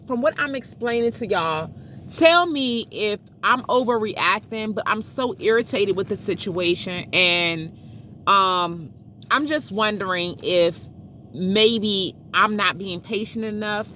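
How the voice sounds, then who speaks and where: A woman's voice: medium pitch, animated, unhurried, sharp tone, slight background noise. A middle-aged woman telling a frustrating story to her viewers in a chatty, exasperated way, talking straight to them as y'all. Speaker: vlogger. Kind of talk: casual storytelling vlog.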